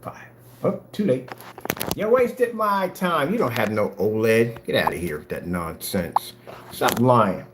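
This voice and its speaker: A man on a livestream taunts and mocks his chat, his pitch leaping up and down as he rants. His voice rings in a roomy space with a faint hum behind it. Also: very animated, measured pace. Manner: taunting, sarcastic, challenges viewers. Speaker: livestream host selling projector screen paint.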